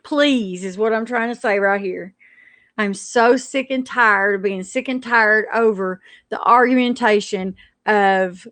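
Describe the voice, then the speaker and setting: A woman with a fairly high voice rants indignantly on a live stream. She stumbles and restarts her sentences as she goes. The sound is close and dry, with no room around it. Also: fairly bright tone, no echo.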